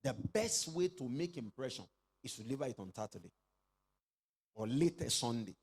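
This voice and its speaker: A middle-aged male pastor delivers a sermon in a fairly high, husky voice. His pitch swings widely as he calls on the congregation to repeat after him and rises to shouted exclamations. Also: very animated, moderate pace, pauses often. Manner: preaching with call-and-response, rising to shouted exclamations.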